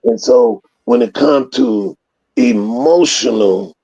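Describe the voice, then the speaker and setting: A man with a gravelly, husky voice spins loose, profane stories in casual conversation. He acts out the scenes as he goes. The audio is slightly dull and lo-fi. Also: high-pitched, huge pitch swings, slow. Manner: profane, rambling storyteller who acts out scenes loudly. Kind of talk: casual storytelling.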